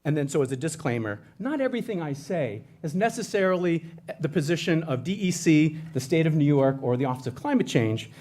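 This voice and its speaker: A man's voice: a little high, very animated, brisk, a little mellow. A man presenting for a state environmental agency, talking in a conversational way with frequent restarts and self-corrections. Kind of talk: educational presentation.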